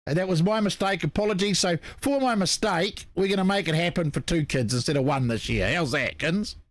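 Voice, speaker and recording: A man's voice: sits high, lively intonation, fairly quick, no room sound, studio quality. A man from New co-hosting a casual live show, chatty and apologetic, reading out viewer comments while losing his voice. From New Zealand. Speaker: co-host. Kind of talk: casual live-stream chat.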